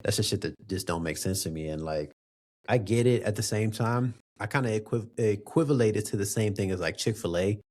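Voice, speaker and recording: A young man co-hosting a podcast, telling an animated story with plenty of swearing and slang. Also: on the low side, fairly quick. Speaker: podcast co-host. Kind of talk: casual chat.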